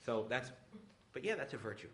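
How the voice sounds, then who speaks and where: A man, a priest, giving a retreat talk, joking and lively, often acting out little voices. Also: medium pitch, a little fast. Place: retreat hall with audience.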